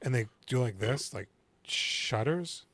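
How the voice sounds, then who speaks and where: A man's voice: slow pace, dry recording. A man co-hosting a podcast, casually retelling a film's plot and acting out the characters' lines. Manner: animated retelling, acting out lines in high put-on voices. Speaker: podcast co-host. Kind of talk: casual movie recap chat.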